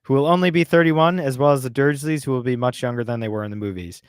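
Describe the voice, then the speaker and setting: A man's voice: medium pitch, fast talker, clean tone, dry recording, clean studio sound. A man co-hosting a casual podcast, ranting in a heated, exasperated way. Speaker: podcast co-host.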